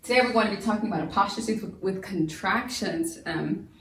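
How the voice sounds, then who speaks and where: A woman's voice: mid-range voice, a little fast, a bit bright, slight background noise. Woman homeschool teacher; casual talky delivery full of fillers, recorded from a distance in a reverberant room. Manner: chatty, repeats and restarts, many fillers. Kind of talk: recorded classroom lesson. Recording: roomy echo, voice from a distance.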